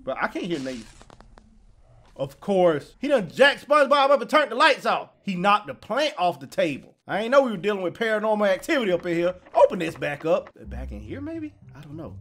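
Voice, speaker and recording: Animated man with a high lively voice. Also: fairly quick. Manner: slangy, jokey, yelps when startled; drops to a low mumble when nervous. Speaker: gaming YouTuber. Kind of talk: casual let's-play commentary.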